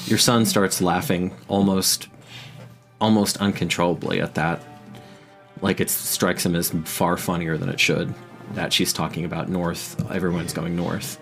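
A man runs a tabletop game, narrating scenes with dramatic, unhurried weight and frequent restarts. His voice sits very low. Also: flat delivery, creaky, a bit bright, soft background music. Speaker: game master.

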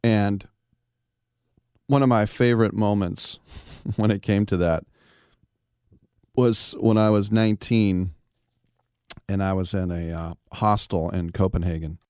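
A man's voice: fairly low pitch, fairly even intonation, a little slow, long pauses, darkish tone, smooth, dry recording. A man hosting a sports talk radio show, telling a rambling story full of asides and fillers into a studio microphone. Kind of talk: casual radio monologue.

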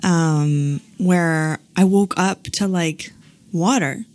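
Low-voiced woman telling a story. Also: extremely slow, a little mellow, no echo. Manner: chatty, filler-heavy, often laughing; acts out voices of people in her story. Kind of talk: casual storytelling chat.

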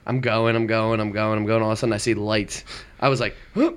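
A man's voice: on the low side, flat delivery, fast talker, clean tone. Young man rambling through a story. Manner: rambling, self-correcting storytelling. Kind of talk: casual chat.

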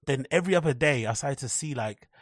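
A man's voice: mid-range voice, quick pace, no room sound, clean studio sound. A young man hosting a podcast alone, telling stories in a rambling, profane, casual way and acting out the people he quotes. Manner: rambling, profane storytelling with animated quoted voices. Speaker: podcast host. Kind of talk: casual solo monologue.

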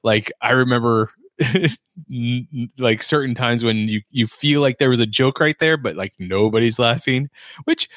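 A man's voice: mid-range voice, normal speed, fairly bright tone, no echo, studio quality. A man co-hosting a podcast, rambling through a casual movie chat and laughing often. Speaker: podcast co-host.

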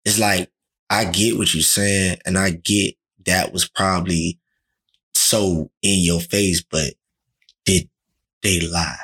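A man's voice: low-pitched, steady tone, slow, fairly bright tone. A man talking in a casual, slangy chat, often acting out quoted dialogue.

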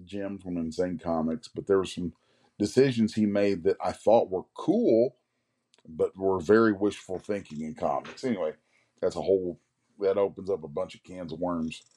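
A low, dark-toned man with a husky edge tells casual, rambling stories as an interview guest. He is in his forties and often stops to clear his throat. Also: normal speed. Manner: rambling anecdotes, acts out others' lines. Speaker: guest comic artist.

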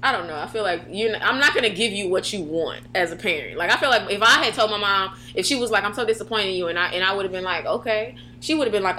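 A young adult woman co-hosting a podcast in casual chat, telling stories with animated, acted-out quotes. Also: fast, few pauses, a little hiss or hum. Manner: animated storytelling, acts out quotes in a high voice. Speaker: podcast co-host.

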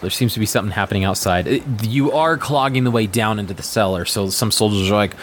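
A man with a lowish voice running a tabletop game as game master, describing scenes casually and restarting now and then. Faint noise sits under the recording. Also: fast talker. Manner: descriptive, casual, slightly stammering.

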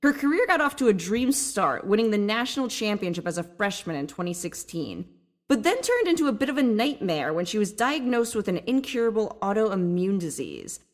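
A woman's voice: mid-range voice, very animated, fairly quick. A woman hosting a podcast interview, upbeat, moving from a scripted intro into easy chat. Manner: upbeat, reads scripted intros then chats. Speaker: podcast host.

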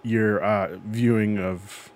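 A man's voice: lowish voice, fairly even intonation, takes it slowly. A man co-hosting a casual podcast chat who tells stories in a rambling way and keeps correcting himself as he goes. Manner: rambling, self-correcting storyteller. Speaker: podcast co-host. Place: podcast recording.

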